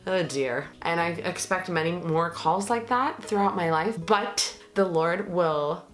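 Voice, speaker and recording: A young woman vlogs casually about family, her voice sitting on the low side and full of earnest feeling. She is pregnant and slips in plenty of ums and uhs as she goes. Faint music plays behind her. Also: unhurried. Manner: earnest, emotional, many fillers. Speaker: vlogger. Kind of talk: casual vlog talk to camera.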